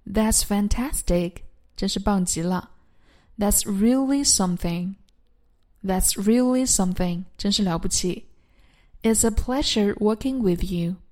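A woman English teacher drilling everyday phrases, saying each one twice slowly and clearly, then giving the Chinese meaning. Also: medium pitch, darkish tone.

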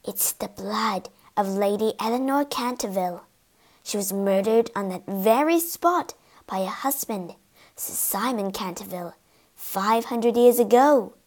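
Woman doing a scared old housekeeper, breathy whisper, low and shaky, slow. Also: wildly swooping pitch, heavily acted. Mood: fearful whisper. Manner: low, trembling and secretive. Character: nervous old female housekeeper, hushed and fearful.

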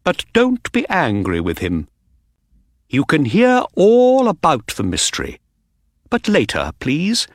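A man playing a calm clever detective, raised lively voice, slow measured pace, dry studio sound. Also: on the high side, no echo, pitched above the performer's own voice, full character voice. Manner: calm, quietly teasing. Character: calm, knowing male detective. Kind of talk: audiobook character reading.

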